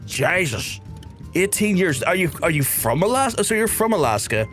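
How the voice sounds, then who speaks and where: A man with a softened Belfast accent chats with his stream audience, his voice sitting a little on the high side. He rambles, circles back on his own phrases and swears casually. Faint game music plays underneath. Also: big pitch swings, normal speed. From Belfast, Northern Ireland. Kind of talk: casual livestream chat with viewers.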